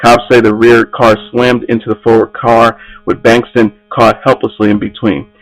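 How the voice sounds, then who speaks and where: A man's voice: mid-range voice, level tone, moderate pace, faint music behind, low-quality recording. A man hosting an entertainment news podcast, reading stories aloud with frequent slips and restarts.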